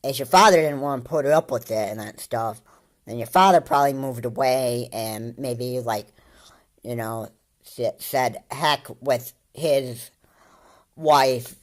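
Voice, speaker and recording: A woman's voice: very deep voice, measured pace. A woman giving casual commentary over video clips, rambling and repeating her points with many fillers.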